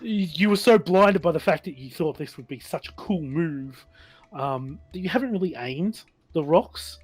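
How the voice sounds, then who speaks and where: A man's voice: on the high side, animated, normal speed, husky. A man with an Australian accent narrating a tabletop game as game master, hesitant and full of ums and sort-ofs.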